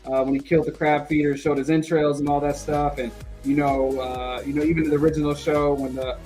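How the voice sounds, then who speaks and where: A man's voice: on the high side, flat delivery, brisk, darkish tone, faint music behind, rough recording. Casual, argumentative podcast co-host man. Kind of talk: casual chat.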